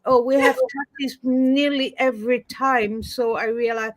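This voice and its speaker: A woman's voice: high voice, level tone, unhurried, no echo. Storytelling woman guest, dry sound. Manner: storytelling, warm laughter, hesitant fillers. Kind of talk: casual video interview.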